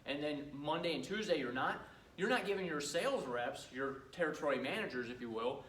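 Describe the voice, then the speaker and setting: A man's voice: on the high side, expressive, fairly quick, a bit bright, roomy sound, distant mic, poor audio. A middle-aged man running a cleaning business gives a casual training talk to a live audience, telling stories and acting out customers' lines. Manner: chatty storyteller who acts out customers' lines.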